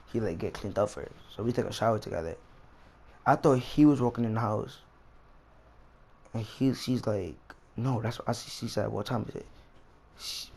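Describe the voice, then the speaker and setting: A young man tells a long, rambling story while he plays a game, full of slang and restarts. His voice sits fairly low. Faint background noise runs under the recording. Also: creaky, darkish tone. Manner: rambling, slangy, repeats himself. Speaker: vlogger. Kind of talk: casual storytime while gaming.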